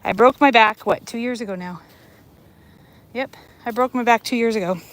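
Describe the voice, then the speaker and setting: A woman's voice: on the high side, normal speed, a bit bright, rough recording. An American woman chatting live to her viewers while she walks across a tidal bay, out of breath, filmed on a handheld phone. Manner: chatty, talks straight to viewers while walking. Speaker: livestream vlogger. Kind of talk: casual live-stream chat. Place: outdoors on a tidal bay shore. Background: outdoor ambience.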